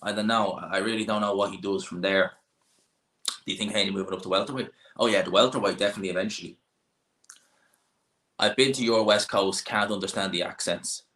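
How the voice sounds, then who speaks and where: A man's voice: fairly low pitch, steady tone, a little fast, pauses often, a bit bright. A young Irish man hosting a boxing channel, chatting casually and opinionated, thinking aloud with lots of fillers. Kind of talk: casual live chat answering viewers. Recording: roomy echoey room.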